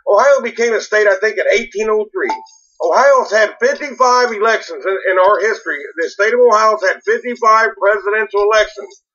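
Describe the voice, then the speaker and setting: A man's voice: high-pitched, brisk, sharp tone. A man hosting a call-in political talk show, blunt and combative with callers. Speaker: call-in radio host. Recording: muffled lo-fi radio audio.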